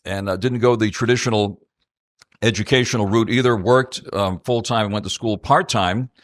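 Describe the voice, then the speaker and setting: A man speaking as moderator of a panel for high school students, measured and full of fillers. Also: fairly even intonation, no room sound, clean studio sound. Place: auditorium event.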